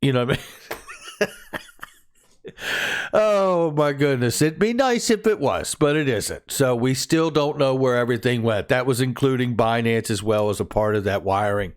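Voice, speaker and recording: A man's voice: medium pitch, normal speed. A man runs through the day's crypto headlines in a loose, conversational way. He is upbeat and enthusiastic, tossing in jokes and laughing at his own quips as he goes. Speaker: crypto news channel host. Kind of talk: casual crypto news commentary.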